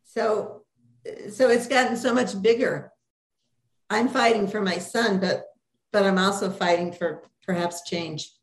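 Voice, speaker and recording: An older woman speaking as an interview guest in an earnest, determined, measured way. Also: mid-range voice, fairly even intonation, roomy sound. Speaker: guest, mother of a detained officer. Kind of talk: candid interview conversation.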